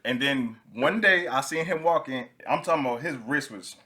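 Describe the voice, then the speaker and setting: Young guy hosting a podcast, bright voice, gets loud and laughy telling stories. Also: medium pitch, normal speed, a little hiss or hum. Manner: animated storyteller, laughs while telling stories. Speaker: podcast host. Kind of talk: casual podcast chat.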